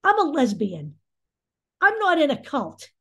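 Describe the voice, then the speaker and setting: A woman with a high voice delivers a political commentary monologue. She sounds angry and sarcastic, and she speaks bluntly and sometimes swears. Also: huge pitch swings, a little slow, vocal fry, bright, forceful tone.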